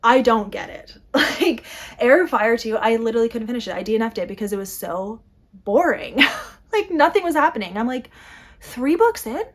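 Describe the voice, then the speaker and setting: A young adult woman talking casually to her viewers, animated, often breaking off mid-sentence to restart a thought, with quick asides and small laughs. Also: on the high side. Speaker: book vlogger. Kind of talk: casual chat to camera.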